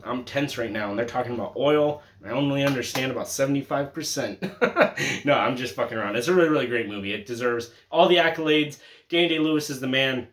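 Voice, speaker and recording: A young man chatting casually about his film collection, joking, swearing freely and laughing often, with sudden loud bursts of excitement. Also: medium pitch. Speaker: collector showing his Blu-ray haul. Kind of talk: casual chat vlog. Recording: echoey room.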